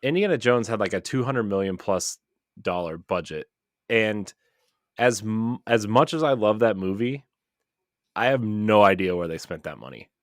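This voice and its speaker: Low-voiced man in an enthusiastic podcast chat. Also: lively intonation, normal speed, dry recording, studio quality. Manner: enthusiastic, rambling with many fillers and restarts. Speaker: podcast co-host. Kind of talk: casual chat.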